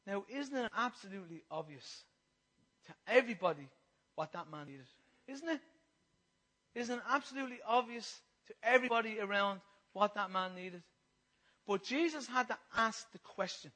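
Man, passionate preacher with a bright, ringing voice and lots of repetition. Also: high voice, normal speed, long pauses, low-quality recording. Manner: impassioned, repetitive, swings from loud to hushed. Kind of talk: sermon.

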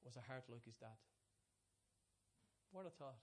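A man preaching a sermon, telling stories with many restarts, dropping to hushed asides and rising to excited peaks. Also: mid-range voice, measured pace. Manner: storytelling, swings from soft hushed asides to loud excited peaks.

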